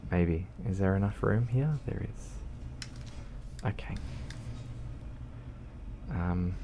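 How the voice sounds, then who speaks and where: Low slow gravelly guy streaming a truck game, lots of ums, engine noise behind. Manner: rambling, lots of ums, reads chat aloud, self-deprecating. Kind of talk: casual livestream chat while gaming.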